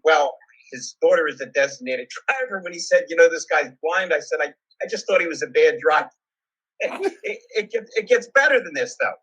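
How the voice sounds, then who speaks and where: A man's voice: fairly high pitch, bright, forceful tone, slightly rough, low-quality recording. A salesman telling a funny story from his own career in a casual, self-mocking way.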